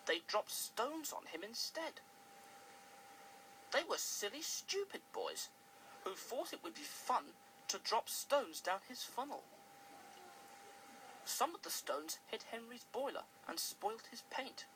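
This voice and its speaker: A slow, expressive storybook narrator. The pitch swoops widely and the tone is bright and clear, read for children. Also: slight background noise, rough recording.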